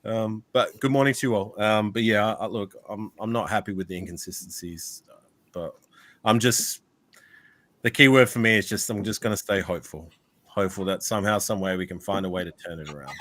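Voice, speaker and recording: A man's voice: lowish voice, a little fast, fairly bright tone. A man with an Australian accent, a guest on a casual podcast, playful and laughing easily, swearing casually.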